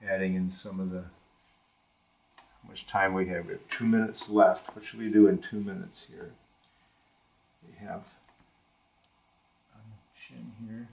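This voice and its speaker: A man's voice: sits low, steady tone, unhurried, vocal fry, long pauses, a little mellow. An older man teaching a live watercolor demonstration in a studio, thinking aloud as he paints, often trailing off and restarting his sentences. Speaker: art instructor. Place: art studio with a live model.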